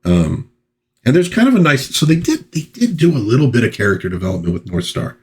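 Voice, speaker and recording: A man's voice: mid-range voice, big pitch swings, brisk, breathy edge. A man hosting a casual comic book review, chatting in a loose, rambling way with fillers and reading panel dialogue aloud. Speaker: pop culture channel host.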